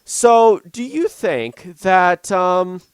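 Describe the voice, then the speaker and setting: A man's voice: sits high, lively intonation, very slow, clear, resonant tone. A young man talking casually over a farming game, thinking aloud with lots of ums and restarts. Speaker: gaming YouTuber. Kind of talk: casual let's-play commentary.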